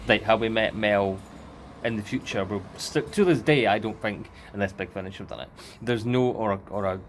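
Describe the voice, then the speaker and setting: Excitable man hosting an outdoor reaction. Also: on the low side, brisk, slight background noise. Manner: excitable, swearing lightly, joking. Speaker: channel host reacting to TV episode. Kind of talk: casual reaction chat. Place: outdoors in a remote spot. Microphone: handheld mic held by co-host.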